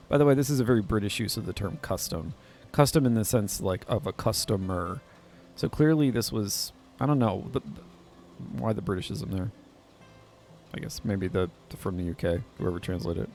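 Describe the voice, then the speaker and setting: A man's voice: on the low side, animated, moderate pace, a little mellow, soft background music. A man hosting a podcast, making casual self-mocking asides while reading a game aloud. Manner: self-deprecating, laughing, chatty asides. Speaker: podcast host.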